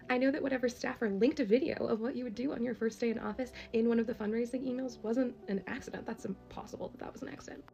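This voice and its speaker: A woman's voice: on the high side, gravelly, dark tone. A woman making an impassioned, emotional direct-to-camera plea as a social media creator, laughing through tears.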